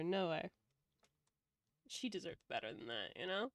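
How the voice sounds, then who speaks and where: A woman's voice: on the low side, big pitch swings, unhurried, dry recording. A woman streamer chatting casually while she draws, playful and joking, laughing often.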